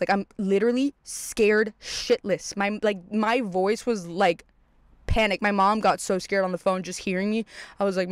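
A young adult podcast host tells a story casually, swearing often and filling it with fillers, acting out their own past lines and swinging high and loud when excited. The delivery is smooth at a normal speed, with no room sound.

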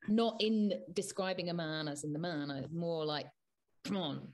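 A woman's voice: on the low side, moderate pace, a little mellow. A woman co-hosting a podcast, chatty and playful, laughing easily through casual banter. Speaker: podcast co-host.

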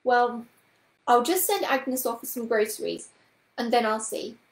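A woman voicing Miss Price, a prim middle-aged witch with a brisk, precise, reproving manner, in a read-aloud story. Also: a little high, animated, roomy sound, low-quality recording. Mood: hesitant.

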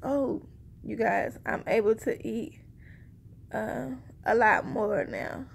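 A woman's voice: on the high side, takes it slowly, creaky, breathy edge. A woman chatting casually to her viewers in a rambling, conversational way, a little short of breath. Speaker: vlogger sharing a pregnancy update. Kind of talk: casual chat to camera.

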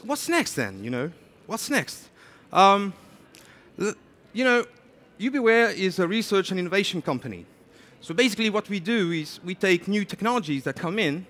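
A man giving a lively conference talk, chatty and animated, often saying "you know". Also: high voice. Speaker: conference speaker. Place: conference stage.

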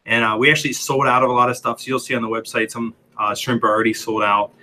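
A man's voice: mid-range voice, flat delivery, fast talker, bright, forceful tone, a little hiss or hum. A young man hosting a casual livestream, chatty and laughing often as he reads viewer comments, a little out of breath. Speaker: livestream host.

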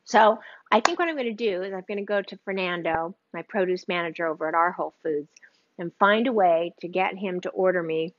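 A woman's voice: fairly low pitch, a bit bright, dry recording. Enthusiastic lady doing a live cooking demo, chatty and gushy, kinda dull lo-fi stream audio. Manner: gushing, enthusiastic, chatty with viewers. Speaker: cooking show host.

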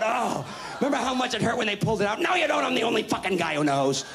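A man in his thirties doing stand-up comedy, telling a profane story in a brash, rapid-fire way with shouted punchlines, on a live stage. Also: very high-pitched, sing-song, creaky, noisy background.

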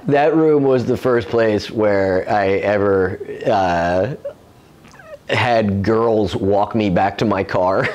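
Brief: male comedian-host, lowish voice, rambling profane storyteller, laughs a lot. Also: a little mellow. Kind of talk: casual storytelling chat.

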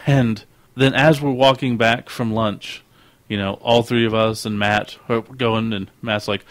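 A man's voice: medium pitch, measured pace, no room sound. A man co-hosting a casual podcast, telling stories eagerly and acting out what others said. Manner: animated storyteller who acts out quoted voices. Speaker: podcast co-host.

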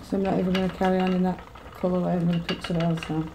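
A woman chatting casually to viewers while she spins yarn, now and then singing along softly. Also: fairly low pitch, flat delivery, racing, background noise. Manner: sings along softly between chatty remarks. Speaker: spinning vlogger.

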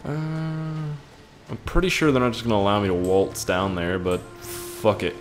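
A young man from Canada giving excitable, profane let's play commentary, laughing and reacting loudly as he plays. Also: lowish voice, a little slow. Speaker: gaming channel host. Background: game music and sound effects.

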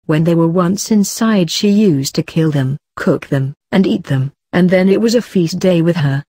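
A woman narrating a children's fairy tale audiobook with a gentle, measured reading. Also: on the low side, husky, no echo. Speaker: storyteller.

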